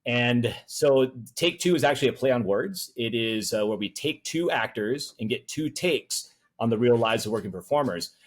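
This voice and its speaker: A man's voice: mid-range voice, lively intonation, normal speed, hardly any pauses. A man speaking as a guest in an interview, telling stories in a rambling way with many fillers. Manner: rambling, filler-heavy storytelling. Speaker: talent producer and voice actor guest. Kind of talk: conversational interview.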